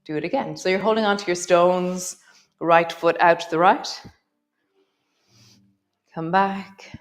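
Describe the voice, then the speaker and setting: Slow, gentle woman yoga teacher. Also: lowish voice, soft background music. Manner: gentle, unhurried cues with soft laughs. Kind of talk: guided yoga class instruction.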